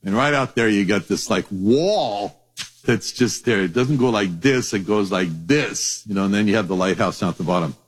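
A middle-aged man preaching a sermon, telling stories with lively acted-out voices. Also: fairly low pitch, moderate pace, slightly rough. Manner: animated storytelling, acts out voices.

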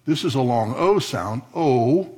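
Husky-voiced preacher with big swings. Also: male voice, lively intonation, a little slow. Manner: swings from low and quiet to high and loud, asking questions. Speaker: pastor. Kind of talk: sermon.

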